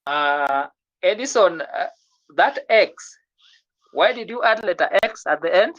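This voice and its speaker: A teacher runs an online French pronunciation lesson, coaxing students to keep trying and repeating each word slowly for them to copy. The audio is muffled and lo-fi, and the voice sits in an ordinary middle pitch. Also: animated, a bit bright. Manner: patient, encouraging, repeats words slowly for drilling.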